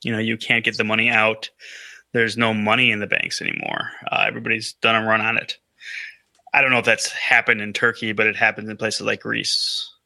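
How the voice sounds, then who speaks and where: A man's voice: on the low side, little pitch movement, fairly quick, gravelly, bright, forceful tone, no room sound. A man co-hosting a podcast in casual chat, rambling and hesitant with lots of fillers and restarts. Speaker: podcast co-host.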